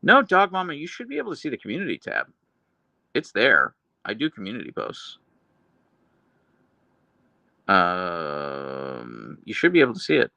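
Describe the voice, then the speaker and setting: Dry-voiced deadpan man, gravelly. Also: on the low side, moderate pace, pauses often, no echo. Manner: chatty, earnest, with restarts and laughs. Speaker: livestream host reading chat. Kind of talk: casual live stream chat.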